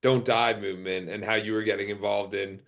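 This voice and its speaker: A man's voice: fairly low pitch, steady tone, a little fast, fairly bright tone. A man hosting a podcast, asking long, rambling questions in a casual, conversational way. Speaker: podcast host. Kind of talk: casual interview chat. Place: remote call.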